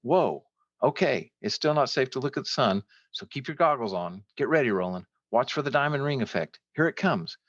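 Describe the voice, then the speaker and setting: Excitable older astronomer, read by a man; raised, eager, low creaky voice. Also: fast, dry recording, dull audio. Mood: excited. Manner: eager, shouting instructions.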